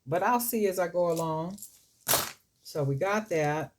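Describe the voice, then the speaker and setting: A woman's voice: fairly low pitch, a little slow, background noise. A woman hosting a jewelry-making video, chatting and rambling as she works, her voice dropping and drifting away from the mic as she handles beads. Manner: rambling, chatty storytelling, talks to viewers as family. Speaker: jewelry-making channel host. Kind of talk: casual chat while crafting.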